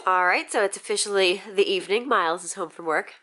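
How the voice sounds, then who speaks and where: A woman's voice: fairly low pitch, brisk, bright, forceful tone. A young woman with a stuffy, nasal voice, chatting casually to her vlog viewers with lots of fillers. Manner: chatty, lots of likes and ums. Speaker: vlogger.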